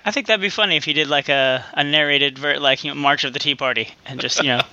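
A man's voice: fairly high pitch, quick pace, bright, forceful tone. A man telling rambling stories in casual comedic podcast chat. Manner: rambling storytelling with restarts. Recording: dull lo-fi sound.

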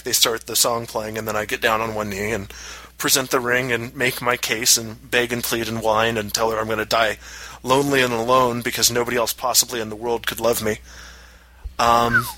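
A man on a casual podcast, telling a long personal story with animated acted-out quotes. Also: rough recording. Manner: animated, acts out quotes in high voices. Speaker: podcast co-host.

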